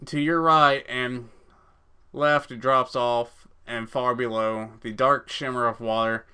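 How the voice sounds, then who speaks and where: Brief: male let's-play gamer, clear and bright, casual swearing while reading. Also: medium pitch, steady tone, slow. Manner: casual, swears, stumbles over words. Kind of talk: reading a text game aloud with reactions.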